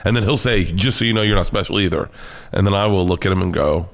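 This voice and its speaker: Profane, animated American comedian telling stories. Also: male voice, deep voice, fast talker. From United States. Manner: profane, animated storyteller, laughs often. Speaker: comedian guest. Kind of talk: casual storytelling interview.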